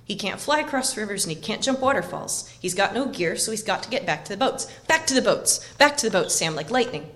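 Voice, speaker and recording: A woman's voice: medium pitch, lively intonation, brisk, hardly any pauses, a bit bright, natural voice. A woman reading a novel aloud and voicing a loyal, stubborn young male hobbit servant with earnest, rustic speech. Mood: urgent. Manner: earnest, pleading, rustic grammar.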